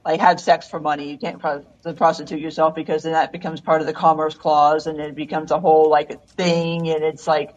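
A woman's voice: deep voice, little pitch movement, brisk, hardly any pauses, darkish tone. Chatty woman, dull lo-fi sound. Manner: chatty, heavy use of like. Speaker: podcast co-host. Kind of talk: casual call-in podcast chat.

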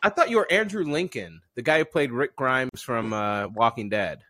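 A man's voice: medium pitch, expressive, normal speed, bright, forceful tone. A man co-hosting a comedy podcast, teasing his partner and judging his impressions with easy laughter. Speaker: podcast co-host. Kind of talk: casual comedic banter.

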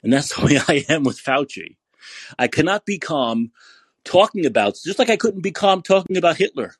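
A man hosting a podcast who rants angrily and curses, repeating himself for emphasis in a husky voice. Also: fairly high pitch, lively intonation, normal speed, no echo. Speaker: podcast host. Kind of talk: angry political rant.

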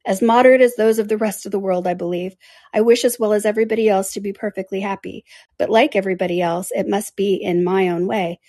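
A woman reading aloud, voicing a reserved, melancholy young man in a quiet, lowered voice. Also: fairly even intonation, quick pace, no echo, close to an everyday voice. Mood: subdued.

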